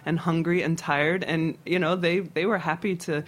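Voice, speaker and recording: A middle-aged chef from Philadelphia, guesting on an interview show, talking casually and haltingly with many fillers and restarts. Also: male voice, a little high, steady tone, a bit bright. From Philadelphia, USA.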